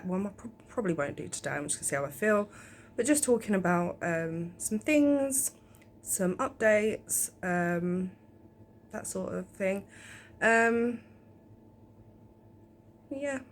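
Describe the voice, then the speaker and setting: A woman's voice: fairly low pitch, a little hiss or hum. Rambling woman vlogging at home. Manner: rambling, chatty, many ums. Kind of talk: casual home vlog chat. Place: home, indoors.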